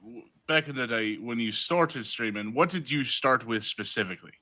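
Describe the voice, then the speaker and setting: A playful male podcast host with a very bright, forceful voice, trying on an Irish accent as he chats. He laughs a lot and keeps things loose. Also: mid-range voice, normal speed. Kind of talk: casual podcast chat.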